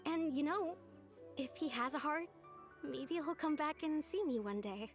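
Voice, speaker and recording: A heartbroken young woman in a video game, talking wistfully and with quiet resignation as she tries to stay brave. Her voice sits fairly high, and soft music plays faintly underneath. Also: unhurried. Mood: resigned.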